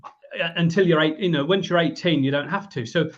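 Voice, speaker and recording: A man in his fifties with an English accent tells a long personal story as a podcast guest. His voice sits a little high, and he briefly acts out the people he describes. The audio is muffled and lo-fi. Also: brisk. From England. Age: 50s. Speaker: guest, business owner.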